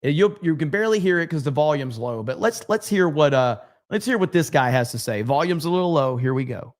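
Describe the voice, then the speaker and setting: A man's voice: on the high side, animated, fairly quick. A man hosting a live stream, giving brash, profane, repetitive commentary. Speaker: streamer host.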